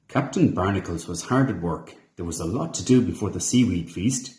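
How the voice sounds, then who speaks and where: Read-along narrator: man, expressive and animated, recorded in a reverberant room. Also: low-pitched, brisk, few pauses. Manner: expressive, animated character voices. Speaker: storybook reader.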